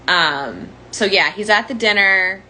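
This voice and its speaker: A woman's voice: medium pitch, animated, unhurried, sharp tone, slight background noise, rough recording. A young woman candidly telling her own story as a survivor, in a conversational monologue full of "like" fillers. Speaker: domestic violence survivor sharing her story.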